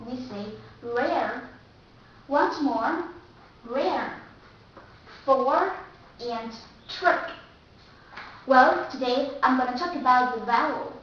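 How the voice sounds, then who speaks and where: A young woman with a Vietnamese accent walks through English pronunciation slowly and deliberately, repeating each example word. Her voice is high and unhurried. The recording is echoey and dull, with her a little distant from the mic. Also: fairly bright tone, slight background noise. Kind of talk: recorded lesson.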